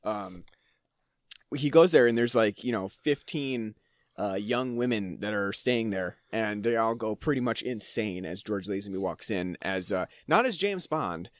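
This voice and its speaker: A man's voice: on the low side, animated, measured pace, dry recording, studio quality. A man co-hosting a podcast, chatting casually about a film in a rambling, hesitant way with frequent laughs. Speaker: podcast co-host.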